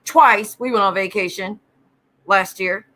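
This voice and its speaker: A woman's voice: medium pitch, unhurried, sharp tone. A woman hosting a casual livestream, greeting viewers by name and ranting bluntly with lots of swearing. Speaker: livestream host.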